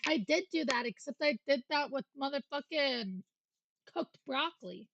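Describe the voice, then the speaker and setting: A woman's voice: high-pitched, expressive, normal speed, creaky, fairly bright tone, dry recording, lo-fi sound. A woman livestreamer chatting casually and joking with profanity as she reacts to videos. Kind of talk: casual stream chat.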